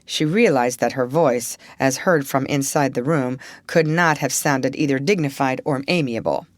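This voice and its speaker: A woman reading a classic children's novel aloud as an audiobook, with expressive storytelling. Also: a bass voice, normal speed, dry recording. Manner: expressive storytelling, colours the narration. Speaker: audiobook reader.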